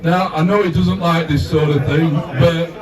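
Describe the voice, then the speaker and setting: A man's voice: fairly high pitch, steady tone, moderate pace, recorded from a distance. A man acting as master of ceremonies at a club event, rallying the room. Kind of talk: event announcing. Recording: echoey room from afar, loud crowd and noise.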